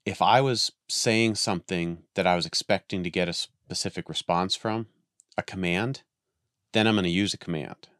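A man's voice: deep voice, moderate pace, fairly bright tone, no room sound, studio quality. A man in casual conversation, telling a long story with many restarts and acted-out voices. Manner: rambling, restarts a lot, acts out voices in stories. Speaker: guest on a dog training podcast.

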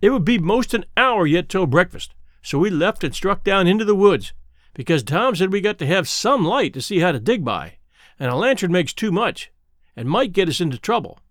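A man's voice: sits high, sing-song, moderate pace, a bit bright, no room sound, studio quality. A man reading an audiobook aloud, narrating in a folksy dialect.

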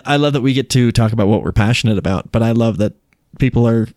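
A man co-hosting a podcast in casual chat, friendly and easygoing, with halting phrases and fillers. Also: medium pitch, darkish tone, no room sound, clean studio sound. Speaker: podcast co-host.

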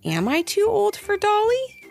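A woman voicing an excitable, stubborn little girl with a shrill, whiny voice. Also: moderate pace, faint music behind, exaggerated voice. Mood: excited.

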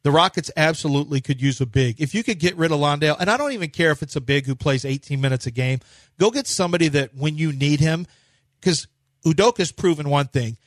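A man's voice: fairly high pitch, fast talker, no room sound. Opinionated sports radio man, dry sound. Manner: opinionated, rambling, emphatic. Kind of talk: sports talk radio chat.

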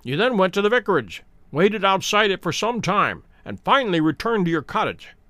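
A man voicing a cool, precise, commanding detective in a dramatic audiobook reading, calm, measured and authoritative. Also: high voice, dry recording, heavily acted. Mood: stern.

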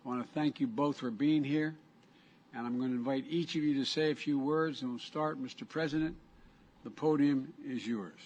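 Man giving a measured formal address. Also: on the high side, fairly even intonation, a little mellow, dull audio. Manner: measured, repeats words for emphasis. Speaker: speaker at a podium. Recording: archive clip with faint noise.

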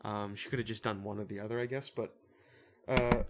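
A man's voice: on the low side, fairly even intonation, a little fast, a crowd in the background. A man co-hosting a casual movie review chat. He rambles and stumbles over his words, swearing casually. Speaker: podcast co-host.

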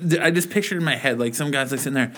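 A man's voice: medium pitch, very fast, fairly bright tone. A man chatting casually and opinionated, cursing offhand. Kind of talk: casual podcast chat.

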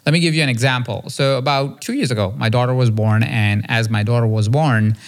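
Male podcast host, mid-pitched, casual storyteller, earnest and reflective, conversational fillers. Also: a little fast. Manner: acts out quoted dialogue with a raised, lively pitch.

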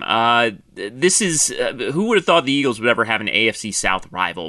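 A man's voice: mid-range voice, dry recording, clean studio sound. A man co-hosting a football podcast in casual chat, laughing often and joking. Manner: laughs often, jokey and animated. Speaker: podcast co-host.

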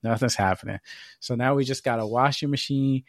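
A man's voice: mid-range voice, brisk, no room sound. A man co-hosting a podcast, telling a long, profane story in casual chat. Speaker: podcast co-host.

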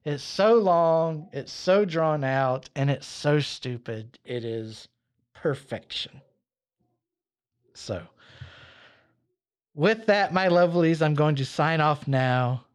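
A man hosting a podcast, telling a long drawn-out joke with playful asides and speaking affectionately to his listeners. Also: fairly high pitch, clear, resonant tone. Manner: affectionate, theatrical farewell to listeners. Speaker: podcast host. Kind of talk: casual storytelling and sign-off.

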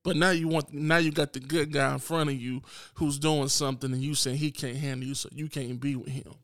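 A man's voice: on the high side, steady tone, a little fast, a bit bright, no room sound, clean studio sound. A man hosting a podcast, delivering a blunt, unapologetic solo rant straight to his listeners. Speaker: podcast host.

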